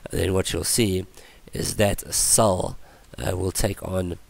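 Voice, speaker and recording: Low flat-voiced man teaching coding. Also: vocal fry. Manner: halting, many ums and restarts. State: voice going from illness. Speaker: tutorial presenter. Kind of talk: screen-recorded coding tutorial.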